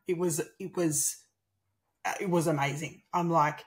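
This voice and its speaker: A woman's voice: on the low side, measured pace. A woman in her thirties with an Australian accent, a guest telling a personal story in conversation and acting out the dialogue. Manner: animated, acts out quoted dialogue.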